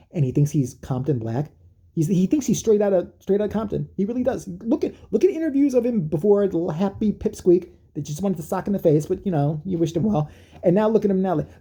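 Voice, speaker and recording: A man's voice: on the high side, creaky, dark tone, breathy edge. A man delivering a rambling, profane comedic rant, mocking as he goes. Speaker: comedic commentator.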